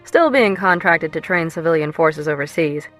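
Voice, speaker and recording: A woman's voice: deep voice, lively intonation, normal speed, a bit bright, soft background music. A woman reading a firm, confident businessman.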